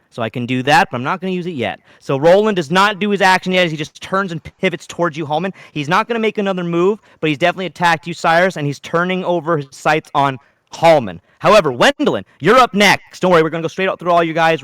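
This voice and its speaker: A man running a tabletop game as game master, narrating dramatically with sudden loud outbursts. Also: fairly high pitch, animated, fast talker, no room sound.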